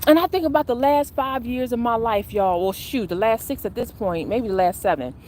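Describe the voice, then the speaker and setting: Fairly high and brisk, a woman's voice carries a casual spiritual vlog as she walks outdoors recording on a phone. She's a spiritual coach, chatty and animated, speaking to viewers as "y'all."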